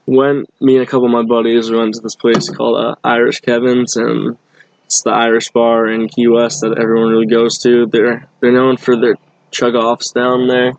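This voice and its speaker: Young man, casual chat guest, rambling storyteller, monotone. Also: mid-range voice, moderate pace, creaky, no echo, rough recording. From Boston area. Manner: rambling, many fillers and restarts.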